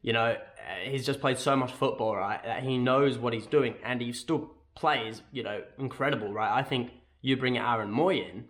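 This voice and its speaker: A young Australian man rambles through his casual opinions in a football fan vlog, correcting himself and repeatedly asking "right?" His voice is mid-range and fairly bright, at a moderate pace with few pauses.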